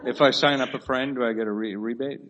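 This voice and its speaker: A man's voice: medium pitch, steady tone, fast talker, fairly bright tone, muffled recording. A man, a comedian guest, teasing the host with playful questions. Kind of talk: casual chat.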